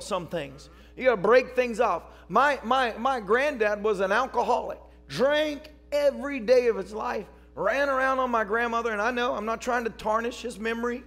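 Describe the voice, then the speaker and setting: A man preaching a sermon as pastor, telling stories and rising to shouts. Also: very high-pitched. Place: church service.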